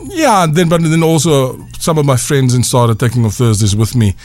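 A South African man hosts a breakfast radio show with a lively, swooping voice. He talks casually and throws in local slang. Soft music sits faintly behind him. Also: mid-range voice, normal speed, no room sound. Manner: animated, chatty, uses local slang.

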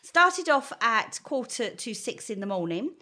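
A woman chats with a bright, sharp voice that swoops high and low as she tells a story. She laughs often and acts out what people said, pitched a little above most women. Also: sing-song, a little slow. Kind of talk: casual chat.

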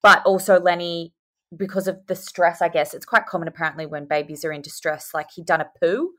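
A woman's voice: fairly low pitch, a little fast. Chatty young woman on a video call. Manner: chatty, animated storytelling. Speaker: podcast guest. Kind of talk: casual chat.

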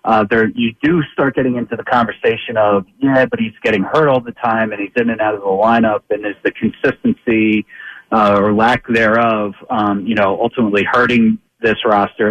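A man on as a guest sports reporter, giving measured football analysis, often pausing on fillers and restarting sentences. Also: fairly low pitch, no room sound, highs cut off.

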